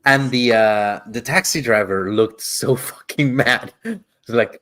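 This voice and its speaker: Unhurried man telling a travel story. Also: medium pitch, a bit bright. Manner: rambling, swears casually, repeats words; acts out quotes in shifting voices. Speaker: podcast co-host. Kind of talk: casual storytelling chat.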